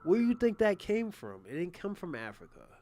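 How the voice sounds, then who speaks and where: A man doing casual live reaction commentary, animated, loose and profane as he talks to his chat. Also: high-pitched, a little fast. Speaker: streamer reacting to a debate.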